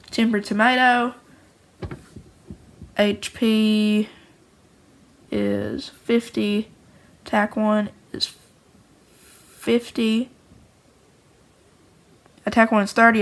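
A woman's voice: medium pitch, vocal fry, a bit bright, low-quality recording. A woman who makes her own card game, casually and cheerfully going through each card, rambling and often restarting her sentences. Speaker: homemade card game creator.

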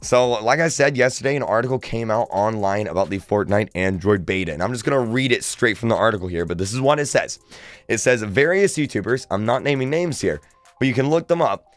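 A man's voice: mid-range voice, brisk, no room sound, soft background music. Chatty young man vlogging gaming news. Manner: chatty, excitable, filler-heavy. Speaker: gaming YouTuber. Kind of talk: casual gaming news vlog.

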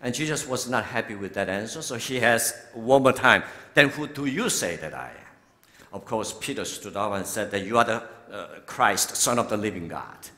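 A man's voice: lowish voice, animated. A man in his sixties with a Korean accent, a bishop telling stories in a sermon, often laughing. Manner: warm storytelling, laughing often, slow and deliberate. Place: large church sanctuary. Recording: long hall reverb from a church.

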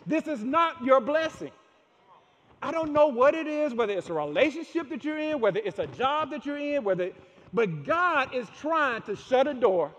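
A man with a very high voice delivers a sermon, pressing home his points by repeating key phrases. His words ring out with a long reverb through a large church sanctuary. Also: sing-song, normal speed, dull audio. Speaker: pastor.

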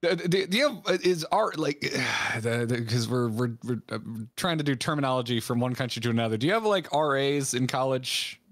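A man's voice: mid-range voice, expressive, a little fast, hardly any pauses, a bit bright, dry recording. A man hosting a podcast, joking around, laughing easily and restarting his sentences. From United States. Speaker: podcast host. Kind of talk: casual podcast chat.

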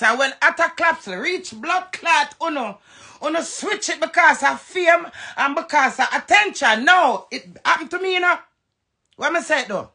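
A Jamaican woman talks into her phone in a heated, profane rant that jumps quickly from point to point. Her voice sits high and gravelly, with a sharp, bright edge. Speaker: live-stream host. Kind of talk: ranting live stream.

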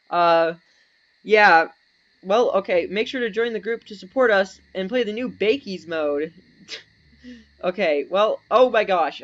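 A man's voice: high-pitched, fairly bright tone, muffled recording, a little hiss or hum. A young man doing playful game commentary, giggling often and reading in-game chat aloud in a goofy way. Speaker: gaming YouTuber.

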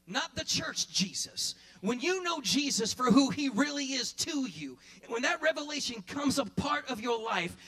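Man, pastor, sermon, very high voice, bright and forceful, repetitive fervent preaching, church. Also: expressive. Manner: fervent preaching, repeats phrases, rising to shouts; drops into quiet, quick asides. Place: church sanctuary.

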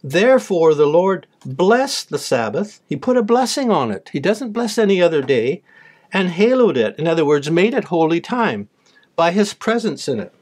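Male preacher, pitch a touch high, reads verses then explains them plainly. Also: very animated, moderate pace, darkish tone. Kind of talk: sermon with scripture reading.

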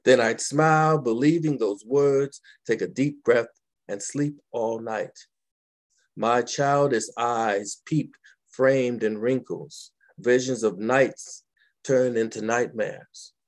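A man reads his own poetry in a measured, unhurried voice at a middle pitch, pausing at length between phrases. His delivery is dramatic and deliberate, and he lets each image settle before he moves on. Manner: slow, dramatic, deliberate reading with long pauses. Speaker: poet. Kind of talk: poetry reading.

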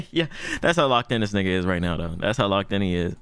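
A man's voice: sits low, lively intonation, fast, fairly bright tone, clean tone, no room sound. A man hosting an anime reaction channel, talking in loose, slangy, profane commentary and laughing often.

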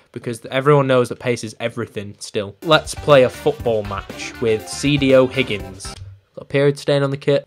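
A young man giving casual, self-mocking commentary over a football video game, breaking into loud excited yells. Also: mid-range voice. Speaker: gaming YouTuber.

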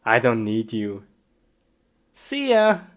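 A woman performing a playful comedy skit, chatting to herself and breaking into excited yelps. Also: rumbling low, very slow, very noisy.

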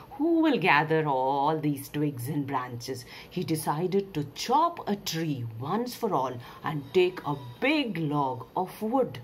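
A woman storyteller narrates a folk tale in an expressive way, with questions to her listeners. Her pitch sits on the low side and swings widely. She speaks slowly, with faint noise behind her.

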